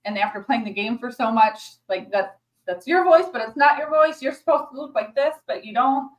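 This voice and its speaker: A woman co-hosting a casual chat show, telling her stories in a gushing, animated way. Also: fairly high pitch, fairly quick, distant mic, rough recording. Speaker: co-host.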